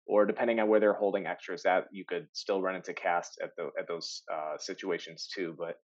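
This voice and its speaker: A man who works as an actor, telling stories in a casual podcast chat, animated, laughing often and full of fillers. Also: sits low, brisk, muffled recording. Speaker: actor guest.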